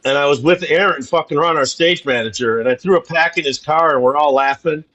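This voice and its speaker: Laughing, rambling man with higher voice. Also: fast, pushed and bright, lo-fi sound. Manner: rambling, laughs through his own story. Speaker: guest comedian. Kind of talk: casual comedic storytelling.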